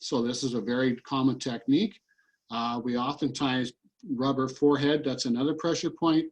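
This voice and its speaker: A man's voice: mid-range voice, fairly even intonation, moderate pace, low-quality recording. A man coaching listeners through a tapping routine over a video call, repeating short statements in an earnest way. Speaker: EFT practitioner and coach. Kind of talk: guided tapping demonstration.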